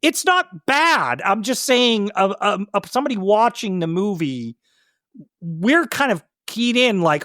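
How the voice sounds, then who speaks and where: With a high voice, big pitch swings, and a fairly bright tone, a male co-host gushes about films on a podcast, often restarting sentences in his rush. The studio-quality recording has no echo.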